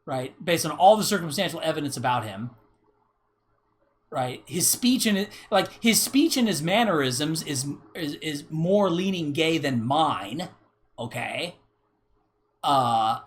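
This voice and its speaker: A young man talks off the cuff on a livestream, circling back over his points, restarting sentences and tagging them with "right?". His voice sits a touch high and comes across bright and sharp. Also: slight background noise. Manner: rambling, many restarts and "right?" tags. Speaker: streamer. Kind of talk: casual livestream monologue reading chat.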